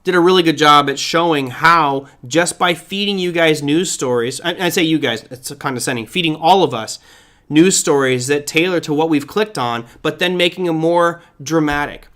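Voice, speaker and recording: A man's voice: on the high side, normal speed, fairly bright tone. A middle-aged man hosting a live trading show, giving casual market commentary, thinking aloud and reading viewer comments.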